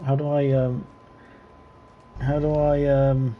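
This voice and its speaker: A man's voice: medium pitch, level tone, takes it slowly, highs cut off, a little hiss or hum. A man hosting an online racing league, chatting casually and laughing often as he calls the race. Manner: laughs often while talking, loose and chatty. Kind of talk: casual live race commentary.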